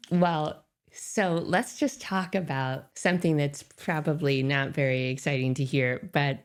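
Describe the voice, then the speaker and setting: A woman's voice: deep voice, steady tone, unhurried. A woman in her fifties speaking earnestly in a casual podcast conversation, thinking aloud and often restarting her phrases. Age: 50s. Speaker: podcast guest on grief.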